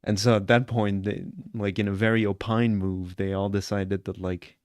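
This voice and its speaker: Give me an earnest, rambling man with a low voice on a dry mic, chatting casually on a live stream. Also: level tone, moderate pace, darkish tone, no echo. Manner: earnest and rambling, often asks "you know what I'm saying?". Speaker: streamer reacting to a clip.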